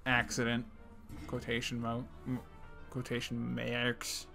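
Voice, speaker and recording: A young man co-hosting a podcast, making edgy jokes with sarcastic, deadpan asides in casual chat. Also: medium pitch, slow, gravelly, faint music behind. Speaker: podcast co-host.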